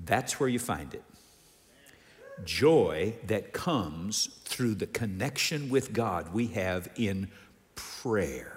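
A man preaching a sermon as a pastor, animated, moving between soft asides and emphatic lines. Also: on the low side, slow, long reverb tail.

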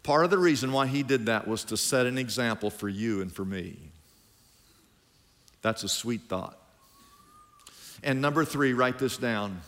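A man's voice: mid-range voice, lively intonation, unhurried, long pauses, fairly bright tone. A middle-aged man preaching a sermon as pastor, drawing lines out and leading the congregation in call-and-response. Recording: long hall reverb.

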